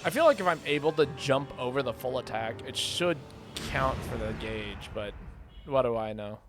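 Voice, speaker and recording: A man's voice: mid-range voice, expressive, moderate pace, background noise. Chatty young man streaming a game. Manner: rambling and chatty, with many fillers. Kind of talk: casual gaming commentary. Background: faint game music.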